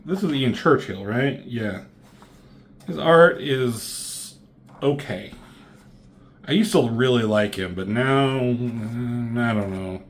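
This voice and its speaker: A man giving a casual, rambling comic book review, swearing freely and filling pauses with "um". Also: mid-range voice. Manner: rambling, profane, lots of fillers.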